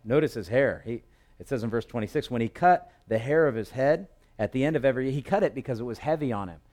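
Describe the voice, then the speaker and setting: A man preaching a sermon, telling the story with humor and swelling loud and high at emotional peaks. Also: quick pace. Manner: lively storytelling with humor and dramatic quotes. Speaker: pastor.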